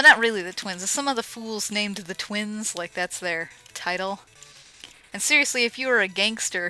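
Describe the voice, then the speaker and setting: A woman giving casual, joking commentary over a retro game she is playing, with sarcastic asides and excited yelps. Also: mid-range voice, poor audio. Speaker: let's play commentator. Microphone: home microphone.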